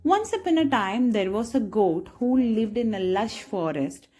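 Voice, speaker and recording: A woman's voice: fairly high pitch, expressive, a little slow, mellow, soft background music. A woman narrating a moral story for children in a chatty way, often checking in with her listeners. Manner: chatty, asks listeners "right?".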